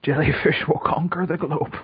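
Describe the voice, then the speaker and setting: A young man co-hosting a comedy podcast with dry, wry humor and quick jokes. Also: fairly high pitch, fairly even intonation, breathy edge. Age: young adult. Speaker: podcast co-host. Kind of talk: casual comedy chat. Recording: dull, lo-fi sound.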